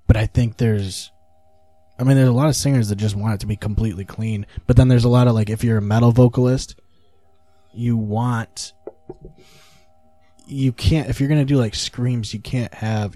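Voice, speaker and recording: A man in casual podcast chat, relaxed and swearing freely as he explains things at length. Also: fairly low pitch, moderate pace, pauses often, no room sound.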